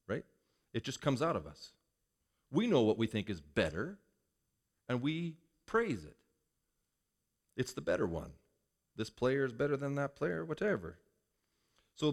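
A male pastor giving a conversational sermon, asking the congregation rhetorical questions. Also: mid-range voice.

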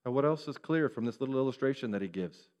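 A man preaching a sermon, animated and acting out the voices of the people he quotes. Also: mid-range voice, fast talker. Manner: animated, acts out quoted speech. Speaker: pastor. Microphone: referring to a screen, preaching to a congregation.

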